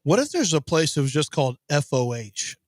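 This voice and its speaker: A man's voice: a little high, sing-song, fairly quick, no echo. A man co-hosting a sports radio show in a studio, joking and riffing in casual banter. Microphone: studio microphone.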